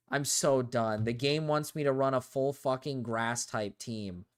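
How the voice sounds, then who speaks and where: A man's voice: medium pitch, normal speed, hardly any pauses, a bit bright, clear, resonant tone. A man streaming a game while reacting to a video, swearing and ranting in frustration. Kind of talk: casual live-stream chatter.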